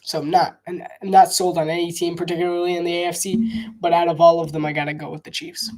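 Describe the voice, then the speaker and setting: A man's voice: a little high, flat delivery, quick pace, darkish tone. A man doing casual live football commentary, rambling and restarting his sentences, coughing often. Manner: rambling, repeats himself, frequent restarts. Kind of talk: casual live play-by-play and opinion chat.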